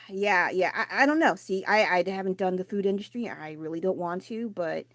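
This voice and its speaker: Loud, candid woman chatting on a phone. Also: on the low side, moderate pace. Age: adult. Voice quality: loud, raised voice. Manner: candid, rambling, swears casually. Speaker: streamer. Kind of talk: casual live-stream chat. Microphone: phone mic.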